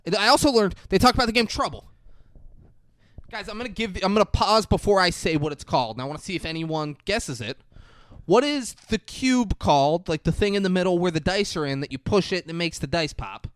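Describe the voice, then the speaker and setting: Animated, lively podcast host. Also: male voice, high voice, fairly quick, no room sound. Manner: animated, acts out scenes, swears. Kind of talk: casual movie recap chat.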